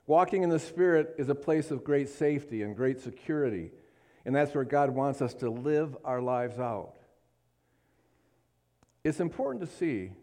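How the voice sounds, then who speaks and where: A man's voice: medium pitch, dark tone. A man preaching a sermon, emphatic and fervent, often asking the congregation for an amen and rising to impassioned peaks. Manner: emphatic, calls for amens, rises to fervent peaks.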